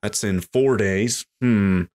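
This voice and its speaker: A man giving casual let's play commentary, thinking aloud and getting excited at surprises. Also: on the low side, takes it slowly. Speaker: gameplay commentator.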